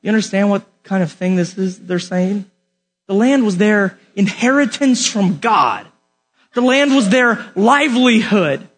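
A man's voice: high voice, animated, unhurried, faint music behind. A man preaching a sermon in a casual, joking way, talking straight to his listeners.

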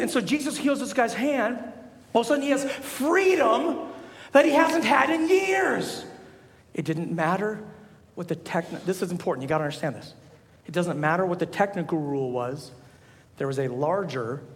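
A young man preaching a sermon as a pastor, telling stories with animated energy and rising to shouts. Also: very high voice, slight background noise. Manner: animated storytelling, rises to shouts. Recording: echoey hall.

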